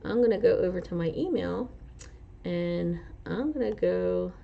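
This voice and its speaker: This woman has a lowish voice with lively intonation and vocal fry, speaking a little slowly. She's a New Jersey-accented truck driver and instructor casually hosting a livestream, responding to viewer comments in a rambling, filler-packed way, heard through dull lo-fi audio.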